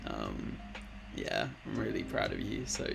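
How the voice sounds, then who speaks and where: A man in his late twenties hosts a relaxed live stream with a gravelly, fry-edged voice. He talks slowly and rambles, reading viewer messages aloud and calling people "man" and "bud." Music plays steadily in the background. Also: very deep voice. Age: late 20s. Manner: laid-back, rambling, reads chat aloud, calls people man and bud. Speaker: Twitch streamer. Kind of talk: casual live-stream chat.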